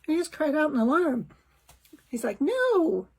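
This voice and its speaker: A woman telling a personal family story in a candid, reflective, self-examining way, now and then clearing her throat. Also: sits high, animated, normal speed, a little mellow, low-quality recording. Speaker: podcast host.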